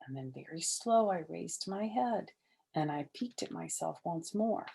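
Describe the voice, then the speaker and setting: An older woman reading a children's chapter book aloud, animated in the lively parts and soft and hushed in the quiet ones. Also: on the low side, unhurried, creaky, breathy edge.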